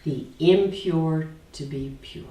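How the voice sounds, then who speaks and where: A woman spiritual teacher giving a deliberate talk to a small group, often dropping to near-whispers. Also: sits low, warm tone. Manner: slow, deliberate, drops to near-whispers on key words. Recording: roomy, distant from the mic, faint background noise.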